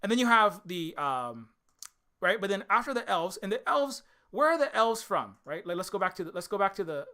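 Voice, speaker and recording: A man's voice: high voice, sharp tone, clean tone. A man giving a heated, sarcastic commentary rant, full of rhetorical questions, fillers and swearing. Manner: swears often. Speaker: video essayist. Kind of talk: ranting commentary.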